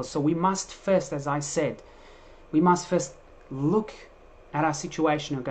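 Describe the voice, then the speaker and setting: A man preacher delivering a sermon in an emphatic, animated way, with frequent restarts. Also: a little high, unhurried.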